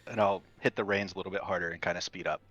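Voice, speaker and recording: Very low-voiced man playing a tabletop game. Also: fairly even intonation, very fast, fairly bright tone, lo-fi sound. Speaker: player. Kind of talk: in-character tabletop game play.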